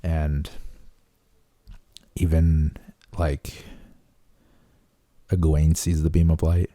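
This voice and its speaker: A man casually recapping a book for his channel, excited and full of "like" and "um". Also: rumbling low, extremely slow, no room sound, studio quality. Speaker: book reviewer.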